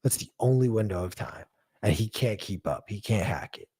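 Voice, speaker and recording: A man's voice: fairly low pitch, expressive, moderate pace, dark tone, husky. A man co-hosting a casual sports podcast, blunt and profane, ranting and laughing at his own jokes. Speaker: podcast co-host.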